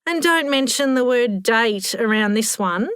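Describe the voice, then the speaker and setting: A woman's voice: a little high, expressive, measured pace, a bit bright, clean tone, no echo, clean studio sound, pitched above the performer's own voice. A woman voicing a cheeky, fit older mother in a retirement village, talking in a blunt, teasing way.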